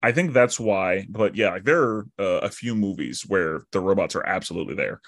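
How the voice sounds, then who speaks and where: Lively man hosting a podcast. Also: low voice, brisk. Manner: animated, acts out his own reactions. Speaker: podcast host. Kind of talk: casual chat.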